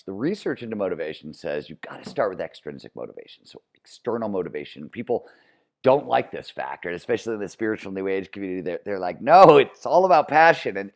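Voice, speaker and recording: Man, flat midwestern accent, deep low voice, middle-aged, energetic, repeats himself to build points. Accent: flat Midwestern American. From Cleveland, Ohio, US. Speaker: author and guest. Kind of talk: podcast interview.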